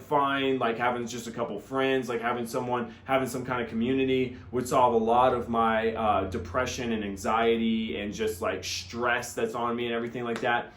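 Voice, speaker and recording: Male vlogger, casual rambling monologue, earnest delivery, reverberant room sound. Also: medium pitch. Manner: rambling, filler-heavy, earnest.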